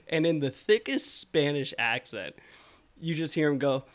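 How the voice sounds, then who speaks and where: A man's voice: a little high, expressive, slow pace, a bit bright. Laid-back rambling man telling stories. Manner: rambling storyteller, laughs often. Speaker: podcast co-host. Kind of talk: casual chat.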